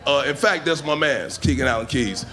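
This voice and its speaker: A man's voice: mid-range voice, lively intonation, normal speed, pushed and bright. A man from Chicago doing stand-up storytelling in a loose, swearing manner, on a handheld mic in a comedy club. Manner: loose, spells names aloud, swears.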